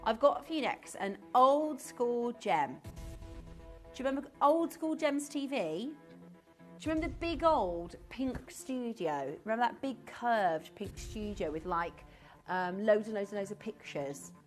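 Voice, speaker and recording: A woman's voice: a little high, animated, unhurried, soft background music. A woman presenting live TV shopping in a studio, chatty and bubbly, with frequent giggles.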